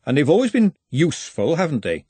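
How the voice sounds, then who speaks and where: Brief: man playing a sharp, bossy woman cook, raised voice, slightly husky. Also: fairly high pitch, very animated, brisk, no room sound, pitched above the performer's own voice. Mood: firm. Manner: snappish, bossy, motherly. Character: brisk no-nonsense woman, head cook.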